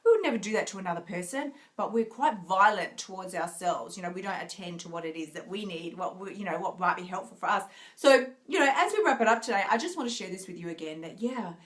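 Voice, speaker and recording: This is a woman coaching her viewers in a live video, with a mid-range voice that sits neither high nor low. She talks in an earnest, encouraging way, keeps checking in with "right?", and laughs lightly as she goes. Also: lively intonation, fast, few pauses. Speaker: binge eating coach.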